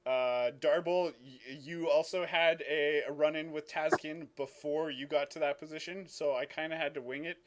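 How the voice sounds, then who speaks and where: A man serving as game master, narrating and wrapping up a session in a loose, casual way. He speaks with plenty of fillers and corrects himself on the fly. His voice sits somewhat high for a man. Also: fairly even intonation, moderate pace, few pauses. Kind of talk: running a tabletop game.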